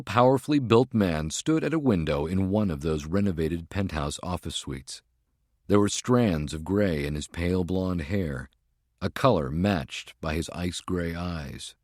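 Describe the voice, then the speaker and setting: A man giving a measured, deliberate scripted narration of an audiobook. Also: low-pitched, a little mellow, no room sound, clean studio sound.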